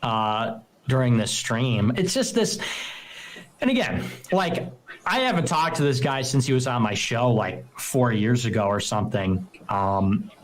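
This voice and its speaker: A man's voice: medium pitch, expressive, a little slow, poor audio. A man hosting a livestream, ranting casually and emphatically, mocking others in put-on voices. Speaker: livestream host.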